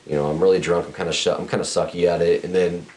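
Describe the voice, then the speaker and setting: A man's voice: low-pitched, level tone, fast, darkish tone. A young man telling a crude story on a podcast, blunt and profane, rambling with restarts. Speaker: podcast host.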